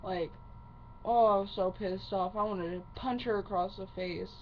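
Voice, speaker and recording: A woman's voice: medium pitch, fairly even intonation, normal speed. A woman ranting angrily to camera, swearing heavily and sounding upset. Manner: heavy swearing, fiery and upset. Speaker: vlogger. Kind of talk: angry personal rant to camera. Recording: muffled lo-fi recording with faint hiss.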